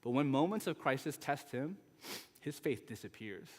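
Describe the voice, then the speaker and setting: Male guest pastor, 30s, mid-pitched, chatty anecdotal sermon delivery, long sanctuary reverb. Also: lively intonation, moderate pace, slightly rough. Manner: conversational storytelling with frequent asides. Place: church sanctuary.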